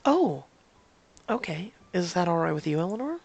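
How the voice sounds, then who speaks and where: A reader voicing a shy young woman student in a story game, hesitant and soft-spoken. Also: mid-range voice, sing-song, moderate pace, vocal fry, slightly rough, dry recording, voice pushed up, heavily acted. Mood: unsure.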